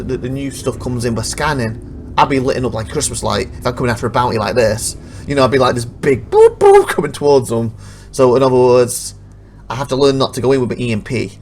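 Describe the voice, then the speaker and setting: A man's voice: medium pitch, gravelly, a little hiss or hum. A man giving casual commentary over recorded gameplay, rambling, restarting sentences and laughing at glitches. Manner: rambling, self-interrupting, laughs at bugs.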